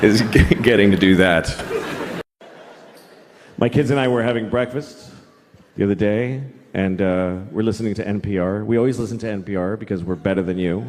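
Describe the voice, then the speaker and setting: On a big theater stage, a comedian in his forties spins sardonic stories that swell into incredulous outbursts, his voice lowish and darkish at a moderate pace. It's a live recording, roomy and noisy.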